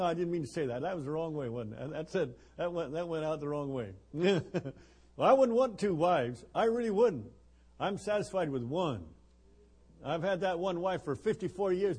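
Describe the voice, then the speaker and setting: Older man, 70s, husky and fairly high-voiced, chatty joking preacher at a missions gathering. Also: a little mellow. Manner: joking, rambling, with chuckles and fillers. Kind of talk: folksy sermon.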